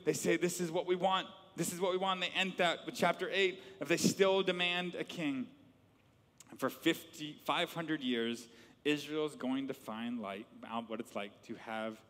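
A middle-aged man, a pastor, preaching a sermon with animated storytelling and repeated words. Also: a little high, long reverb tail.

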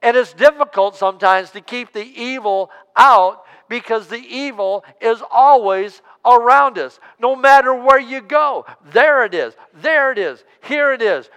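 A man's voice: extremely high pitch, sharp tone, smooth, long reverb tail. A man preaching a sermon as pastor, drawing out key words and asking the congregation to respond aloud. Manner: preaching with call-and-response, drawn-out emphasis. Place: church sanctuary.

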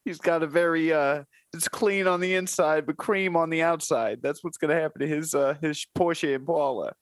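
A man's voice: a little high, moderate pace, dry recording. A man co-hosting a podcast, riffing through improvised jokes and laughing mid-sentence. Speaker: podcast co-host.

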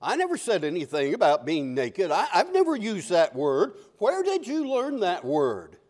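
A man voicing a patient, fatherly divine figure who asks gentle questions in a conversational way. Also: sits high, wildly swooping pitch, moderate pace, heavily acted. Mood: puzzled.

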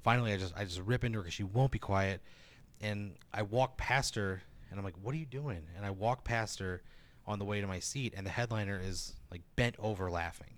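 Man, lower voice, casual storytelling, stand-up comedian, lots of fillers. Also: brisk. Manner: animated, lots of fillers, swears.

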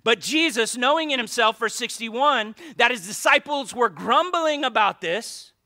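A male pastor preaching a lively sermon, joking with the congregation and reading scripture aloud. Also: very high voice, measured pace. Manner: animated preaching with asides and jokes to the congregation.

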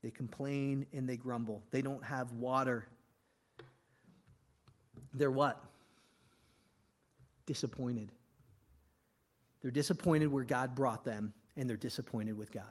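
A man, a pastor, preaching a conversational sermon full of rhetorical questions, swinging between loud and hushed. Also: mid-range voice, steady tone, slow pace, pauses often.

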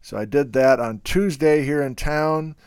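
A man hosting a casual, unscripted talk about geology. He speaks in an emphatic, animated and opinionated way. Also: fairly high pitch, unhurried, smooth, dry recording, studio quality. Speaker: host.

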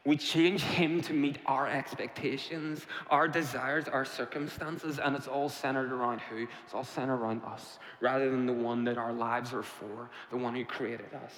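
A man's voice: medium pitch, steady tone, moderate pace, few pauses, a bit bright. A man preaching a sermon, emphatic and repetitive, posing rhetorical questions to his congregation. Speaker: pastor. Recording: echoey hall reverb.

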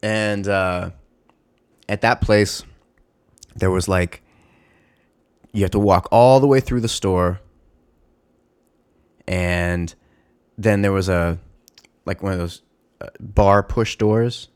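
A man telling a story in casual, animated talk, heavy on swearing, fillers and restarts. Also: low voice, slow pace, pauses often, clear, resonant tone. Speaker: former store security guard.

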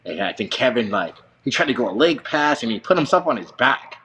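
A man's voice: mid-range voice, sing-song, brisk, bright, forceful tone. A man who coaches wrestling, a guest in a casual interview, telling stories in a rambling way with plenty of swearing and laughter. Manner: swears freely, laughs a lot, rambling storyteller. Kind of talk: casual chat.

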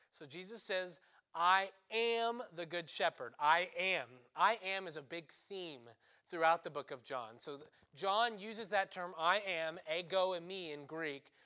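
Emphatic, conversational priest preaching a sermon. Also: male voice, a little high, bright, forceful tone. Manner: talks in short phrases and often checks in with "right?"; restarts and corrects himself mid-sentence.

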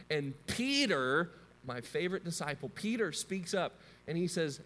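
A man's voice: a little high, expressive, moderate pace, fairly bright tone, big-room sound. A man in his thirties preaching a sermon as a pastor, conversational and story-driven, often asking his listeners questions.

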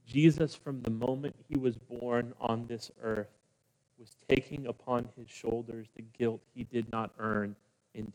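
A man preaching a sermon as pastor, with dramatic pauses, hushed low passages and rousing calls to the congregation. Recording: long hall reverb.

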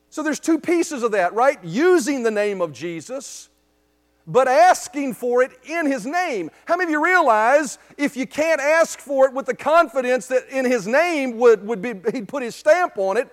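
A man with a strikingly high voice preaches to a church congregation. He speaks with strong emphasis and keeps checking in with his listeners through rhetorical questions. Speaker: pastor. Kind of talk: sermon. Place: church service.

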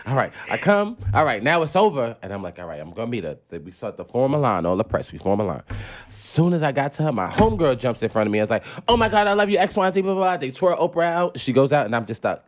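A man's voice: mid-range voice, fast. A man on a podcast telling a story with lots of energy, slangy and laughing, acting out voices as he goes. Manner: lively, acts out voices in his stories. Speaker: podcast guest. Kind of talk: animated storytelling.

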